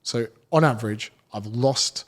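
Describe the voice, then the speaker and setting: A man's voice: mid-range voice, unhurried. A man, a fitness coach talking bluntly and swearing freely in a casual podcast chat.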